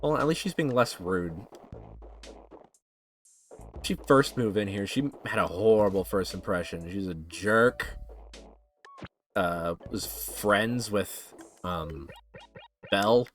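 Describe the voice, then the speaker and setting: A man streaming a cozy game, chatting casually with crude jokes. His pitch moves a lot. Faint game music plays behind him. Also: lively intonation, slow, long pauses. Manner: crude, joking, laughing.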